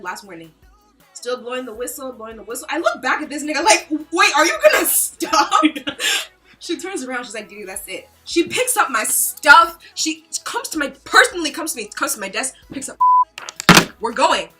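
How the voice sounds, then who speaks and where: A young woman telling a school story in a casual vlog, dramatic and imitating her teacher. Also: bright, forceful tone. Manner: dramatic, swoops in pitch, mimics teacher. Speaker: vlogger.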